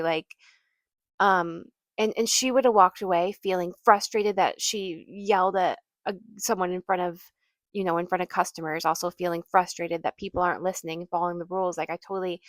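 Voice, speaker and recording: A woman's voice: fairly low pitch, no room sound, clean studio sound. A woman podcast host telling a personal story in an earnest, casual way, full of fillers and restarts.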